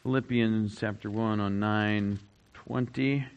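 A man preaching a sermon as a pastor, repeating key phrases and swinging between loud emphasis and hushed statements. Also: on the low side, steady tone, slow pace, clear, resonant tone, lo-fi sound.

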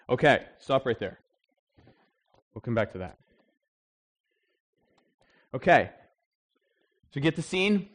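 A man preaching a sermon in a conversational, animated storytelling way, with frequent restarts. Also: mid-range voice, slow, pauses often. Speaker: pastor.

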